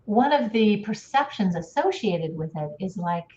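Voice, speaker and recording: A woman's voice: medium pitch, expressive, normal speed, a little mellow. Woman coach, casual explainer, laughs easily; roomy, dull call audio. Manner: explains with demonstrations, laughs often. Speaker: speech and voice coach. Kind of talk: casual live-stream chat. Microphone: video call.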